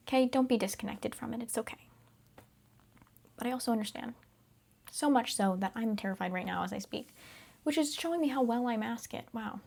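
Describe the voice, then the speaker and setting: A woman's voice: fairly high pitch, brisk, vocal fry, long pauses, a little mellow. A young woman hosting a casual self-help talk, chatty and upbeat, laughing often and sometimes dropping to a whisper. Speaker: podcast host.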